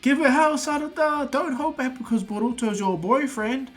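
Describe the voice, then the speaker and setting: A man voicing an excited anime ninja mother in a loud, high, cheering voice. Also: slow, faint music behind, full character voice.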